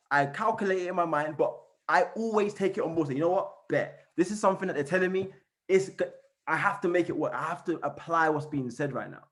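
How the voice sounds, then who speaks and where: A man giving an energetic motivational training on a call, repeating and chanting phrases as he coaches his team. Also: high-pitched. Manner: fired-up, repetitive, chanting phrases. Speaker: network marketing trainer. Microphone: call recording.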